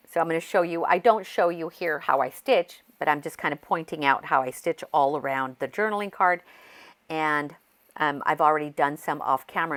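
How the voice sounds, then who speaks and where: A woman vlogger chatting casually and excitedly, rambling through a story with restarts while she crafts. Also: low-pitched. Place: home craft desk.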